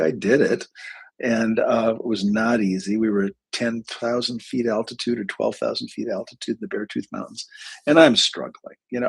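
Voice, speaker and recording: A man's voice: fairly low pitch, creaky, breathy edge, low-quality recording. A man hosting a live talk on psychology as a clinician. He is chatty and digressive, and he jokes at his own expense.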